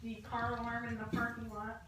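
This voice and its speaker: A woman speaks with clear assurance, explaining roles at a club meeting. Her voice is a touch high and comes from a distance in an echoey room, with loud cutlery and dish clatter behind. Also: completely flat delivery, a little fast, very noisy. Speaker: table topics master at a club meeting. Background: dishes and cutlery.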